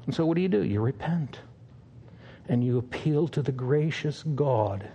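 An older man, a pastor, preaching an earnest sermon with long pauses and a pleading tone. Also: medium pitch, expressive, warm tone, husky, muffled recording.

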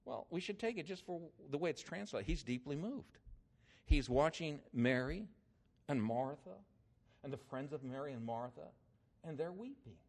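An older man preaching a sermon, telling a story with swings in emphasis and loudness. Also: a little high, expressive, normal speed.

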